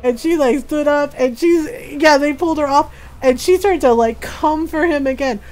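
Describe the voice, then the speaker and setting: A woman streamer telling a family story in a casual, animated way, often laughing between lines. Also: high voice, moderate pace, low-quality recording. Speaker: game streamer.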